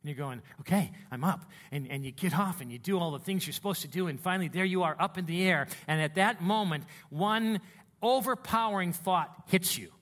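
Pastor, male, high bright voice, dramatic storyteller who drops to a hush and builds up loud. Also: a little fast. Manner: animated storytelling, swinging from hushed to loud. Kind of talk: sermon.

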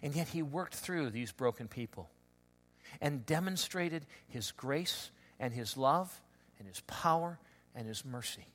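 A man preaching a conversational sermon, telling stories with lots of restarts and animated asides. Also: mid-range voice, a little slow. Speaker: pastor.

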